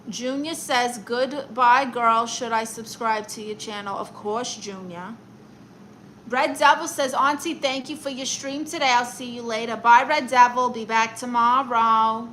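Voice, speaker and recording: A woman's voice: on the high side, steady tone, unhurried, a bit bright, slight background noise, rough recording. A woman with a Brooklyn accent hosting a casual live stream, reading chat comments aloud and roasting viewers in a sassy, playful way.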